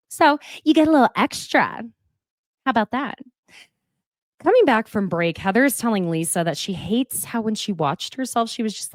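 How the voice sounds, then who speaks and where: A woman's voice: lowish voice, no echo. A woman hosting a casual TV recap, chatty and sassy with emotional asides, speaking close to the mic. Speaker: reality TV recap host.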